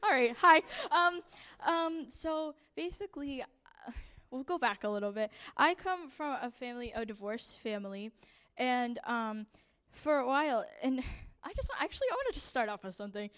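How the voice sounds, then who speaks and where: A woman's voice: high voice, lively intonation, moderate pace, a bit bright, clean tone. A young woman giving a personal testimony to a church group, nervous and shaky, laughing between phrases.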